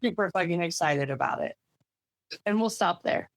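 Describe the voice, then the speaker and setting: A woman with a lowish voice rambles through a story, stacking "like" after "like" and swearing casually. The sound is dry and close, with no room around her. It is relaxed, chatty podcast talk. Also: normal speed, no room sound. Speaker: podcast co-host. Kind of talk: casual chat.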